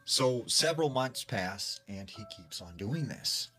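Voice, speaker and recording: Male storyteller, lowish voice, relaxed storytime delivery, faint music bed. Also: unhurried. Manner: conversational, heavy use of "like", acts out quoted lines. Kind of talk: casual storytime narration.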